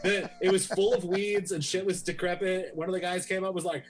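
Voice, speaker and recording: Animated male podcast host. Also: sits high, fast, few pauses, soft background music, poor audio. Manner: animated, swinging between joking and earnest. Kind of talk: casual comedic podcast chat.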